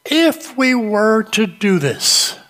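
A man preaching a sermon, telling a story slowly with dramatic pauses. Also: high voice, big pitch swings, fairly bright tone. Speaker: pastor. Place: church sanctuary. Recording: long reverb of a large sanctuary.

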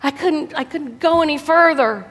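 A strained, pleading young football captain on the edge of collapse, as a woman preacher acts him out in a sermon retelling. The voice sits fairly high. A long, ringing reverb trails each line. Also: moderate pace, a bit bright. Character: struggling young male football captain, exhausted.

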